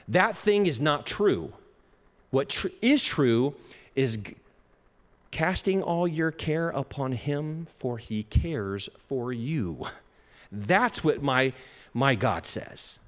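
A man preaching a sermon as pastor, animated, with chuckles and shifts in pace. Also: a little high, takes it slowly. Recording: long reverb of a hall.

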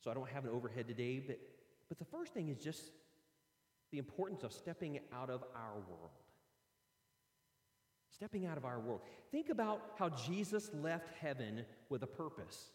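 A man preaching a sermon, telling the story with lively acted-out voices. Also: mid-range voice, moderate pace. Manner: animated storytelling, acting out voices. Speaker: pastor. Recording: echoey hall with long reverb.

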